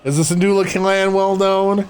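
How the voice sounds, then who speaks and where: A man co-hosting a podcast, with a voice pitched slightly higher than most men's. He cracks jokes and reads text aloud, dropping in dry asides as he goes. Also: fairly even intonation, normal speed, clear, resonant tone. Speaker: podcast co-host. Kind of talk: casual chat.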